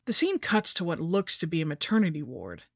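A woman's voice: on the low side, huge pitch swings, a little fast, creaky, breathy edge, no room sound, studio quality. A woman narrating a scripted horror story in a wry, sardonic first-person voice.

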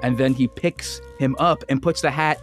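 A man's voice: mid-range voice, normal speed, faint music behind. Rambling man playing a tabletop game. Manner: rambling, hedging with filler words. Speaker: player. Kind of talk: casual tabletop play.

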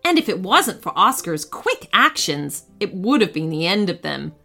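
A woman narrating a children's bedtime story with expressive, animated storytelling. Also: fairly low pitch, moderate pace, gravelly, soft background music.

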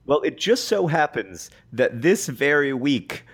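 A man's voice: fairly high pitch, big pitch swings, unhurried, slightly rough. Wry, dry-joking male podcast co-host. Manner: wry, dryly joking, breaks into helpless laughter. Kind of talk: casual comedic chat.

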